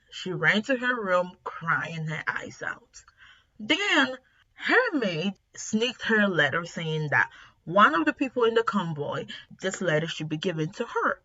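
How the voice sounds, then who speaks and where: Animated woman recapping a webtoon story. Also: medium pitch, slightly rough, lo-fi sound. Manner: animated, emphatic retelling. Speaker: webtoon reviewer.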